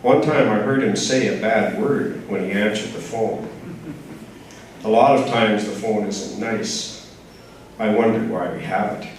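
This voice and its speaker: A man reading his own short story aloud at a writers' group, in a measured, plain storytelling manner. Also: fairly low pitch, darkish tone. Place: writers' group reading, large echoey room. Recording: very echoey room, from far off, faint noise.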